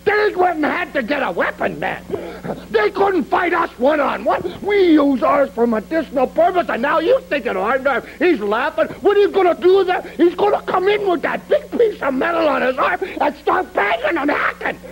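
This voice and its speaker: A man cutting a mocking wrestling promo, taunting his rivals, shouting and laughing as he goes. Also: very animated, normal speed, gravelly, faint music behind, low-quality recording. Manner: laughs and shouts between lines; sudden jumps and drops in pitch.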